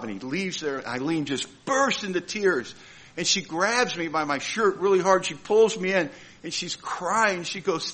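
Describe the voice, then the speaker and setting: A man's voice: a little high, normal speed, a bit bright, low-quality recording. A middle-aged man telling a heartfelt, funny personal story to a meeting. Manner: heartfelt, humorous storyteller with comic timing. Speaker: speaker at a recovery meeting.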